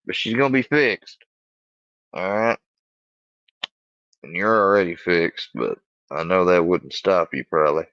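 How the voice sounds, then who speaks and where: Man, low gravelly voice, rambling and profane, talking to his dog, dry dull recording. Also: a bit bright, no room sound. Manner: rambling, profane, halting restarts.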